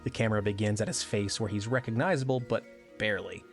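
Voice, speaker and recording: A man co-hosting a podcast, reading a measured, wry scripted recap as the narrator. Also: on the low side, faint music behind.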